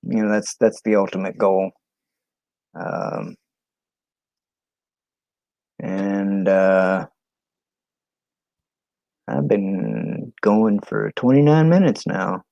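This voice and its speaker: A man from New England chatting casually on a live stream, halting and full of ums and restarts. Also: fairly low pitch, vocal fry, mellow, dry recording, dull audio.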